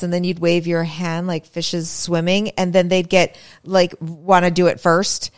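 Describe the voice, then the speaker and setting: A woman's voice: on the low side, level tone, unhurried, few pauses, clear, resonant tone. A woman co-hosting a casual chat podcast, wry and opinionated. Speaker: podcast co-host.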